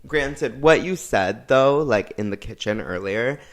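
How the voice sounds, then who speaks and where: A man's voice: mid-range voice, expressive, measured pace. A young man co-hosting a podcast in casual chat, peppering his talk with "like" and "literally" and laughing often. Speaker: podcast co-host.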